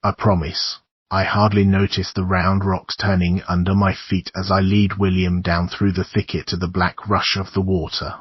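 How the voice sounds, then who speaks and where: Male horror audiobook narrator: very low, husky, measured and somber; dry, slightly muffled audio. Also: flat delivery, no room sound.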